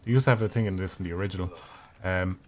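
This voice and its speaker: An Irish man in his thirties talks quickly and swears freely as he streams a game, his voice sitting a little low. Faint game sounds run quietly behind him. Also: a little hiss or hum. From Ireland. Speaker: gaming streamer. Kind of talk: casual live gameplay commentary.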